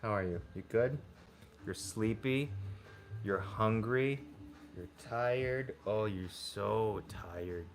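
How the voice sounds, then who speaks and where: A man's voice: lowish voice, takes it slowly, slight background noise. A man hosting a casual livestream from his home kitchen, chatting with viewers and cooing baby talk at his dogs. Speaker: livestream host. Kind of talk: casual livestream chat while cooking.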